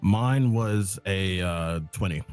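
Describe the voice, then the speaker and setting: A man with a very deep voice plays in a tabletop game. He speaks slowly and checks rules as he goes. Faint music hums in the background. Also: darkish tone, clean tone. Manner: slow, asks rules questions. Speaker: player. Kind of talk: casual tabletop game chat.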